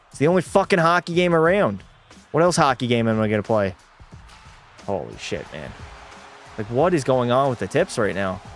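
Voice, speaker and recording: A young man streaming a hockey video game, commenting live and talking to his chat while ranting in frustration and swearing at the game. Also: fairly high pitch. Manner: talks to chat.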